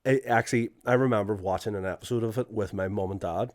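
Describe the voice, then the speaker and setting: Lowish Scottish man, animated. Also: fast talker, dry recording, studio quality. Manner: animated storyteller, sweary. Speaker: podcast co-host. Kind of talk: casual chat.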